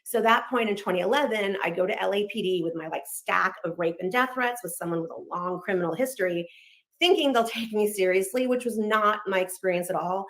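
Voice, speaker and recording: A woman in her thirties from Los Angeles, telling her personal story quickly and candidly, acting out bits of dialogue along the way. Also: mid-range voice. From Los Angeles, United States. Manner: fast, candid, animated retelling with quoted dialogue.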